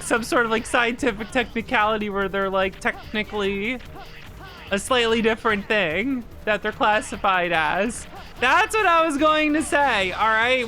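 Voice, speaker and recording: A woman streamer chatting casually over her gameplay, giggly and flustered, with a bit of cursing thrown in. Her voice sits a little high and sounds bright and sharp. She takes her time with her words, and faint game music plays behind her. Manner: giggly, flustered, swears freely.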